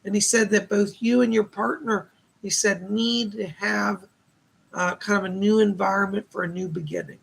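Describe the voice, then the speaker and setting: Male psychic medium, live-stream host, gravelly husky voice, chatty relayed messages. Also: high voice, steady tone, normal speed, fairly bright tone, poor audio. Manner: relays spirit messages with constant "she said" tags.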